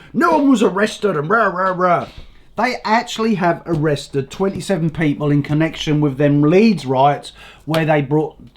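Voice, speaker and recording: An older man, a bit hoarse, ranting bluntly about politics and swearing often. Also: fairly high pitch. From England. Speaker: vlogger.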